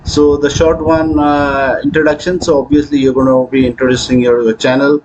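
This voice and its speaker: A man hosting a software tutorial, talking through his screen with frequent hesitations. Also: medium pitch, flat delivery, moderate pace, highs cut off, slight background noise. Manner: hesitant, many fillers. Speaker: tutorial host. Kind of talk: screen-recording software walkthrough.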